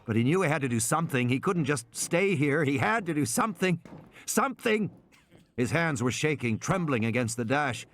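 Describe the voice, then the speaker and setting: A man's voice: brisk, hardly any pauses. A man narrating an audiobook in a dramatic, scripted style. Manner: dramatic, lively pitch swings.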